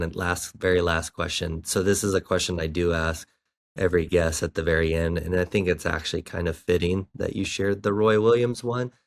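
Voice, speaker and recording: A male podcast host with a very deep voice and a gravelly edge asks his closing question. His delivery is measured, and the sound is dry and close. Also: no room sound. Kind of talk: interview questions.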